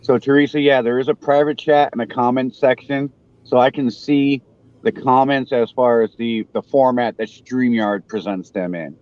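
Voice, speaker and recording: Forties man, slow halting chat. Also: medium pitch, fairly even intonation, a little mellow, highs cut off. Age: 40s. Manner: halting, self-deprecating, restarts often. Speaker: show host. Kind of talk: casual live panel chat.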